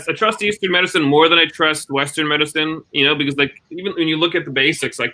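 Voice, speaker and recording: A man performs a short stand-up set in a rambling, dry manner. His voice is bright and forward. The sound is dry and close to the mic. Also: medium pitch, no room sound, rough recording. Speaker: stand-up comedian.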